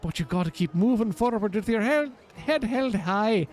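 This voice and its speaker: A man's voice: sits high, animated, normal speed, darkish tone. A man voicing a brash, swaggering pirate captain with boisterous mock pirate talk. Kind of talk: voicing game dialogue on a stream.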